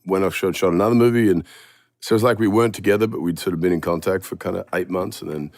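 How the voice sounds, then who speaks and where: A man's voice: low voice, quick pace, darkish tone, dry recording, clean studio sound. A middle-aged Australian man, a podcast guest, telling rambling, self-mocking stories in casual chat.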